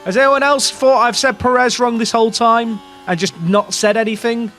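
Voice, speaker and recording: This English gaming streamer has a very high, sharp voice with fairly even intonation and a moderate pace. He rambles to chat about his racing-management game in a casual, self-questioning way, dropping the odd swear word.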